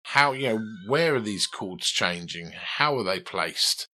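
Guy teaching guitar, bright voice, chatty and coaching. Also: on the low side, animated, measured pace. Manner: chatty, coaching, asks questions. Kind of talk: conversational one-to-one lesson.

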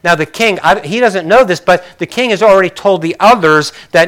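A man's voice: high-pitched, brisk, fairly bright tone. A male pastor preaching a sermon in a conversational way, with joking, apologetic asides to his congregation.

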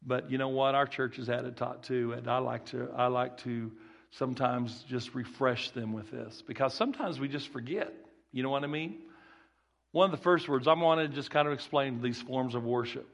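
Gravelly Southern country preacher. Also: male voice, mid-range voice, normal speed. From rural Texas. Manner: folksy, repeats key phrases, restarts often. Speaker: guest preacher. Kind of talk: sermon.

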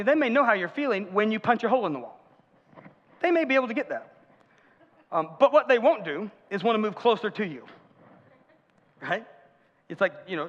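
A man's voice: high voice, a bit bright. A man preaching a conversational sermon as pastor, with humorous asides and audience questions. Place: church sanctuary. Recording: muffled church hall reverb.

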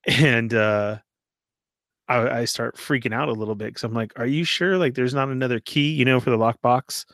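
A man's voice: medium pitch, moderate pace, no room sound, studio quality. A man casually telling a long story, laughing often and acting out what people said. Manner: animated, laughs often, acts out quoted voices.

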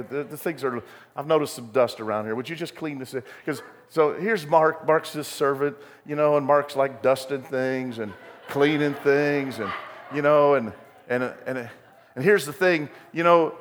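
Folksy preacher man in a reverberant church. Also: on the high side. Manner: folksy storytelling preacher, rising to emphatic bursts. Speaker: pastor. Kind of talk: sermon. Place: church sanctuary. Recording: long hall reverb.

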